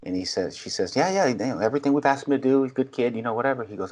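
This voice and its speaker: A man's voice: medium pitch, racing, hardly any pauses. A man, a podcast guest, telling stories in casual chat and acting out the people he quotes. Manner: animated storyteller, acts out quotes. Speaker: podcast guest, baseball coach. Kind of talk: casual storytelling.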